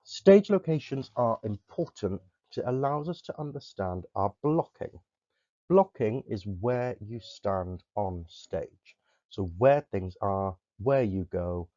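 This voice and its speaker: A man teaches a recorded drama lesson, explaining each term plainly. His voice is lowish and mellow. The sound is dry and a little dull, like a lo-fi desk microphone. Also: dry recording. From Somerset, England. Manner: clear, explanatory, demonstrates vocal techniques. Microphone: close desk microphone.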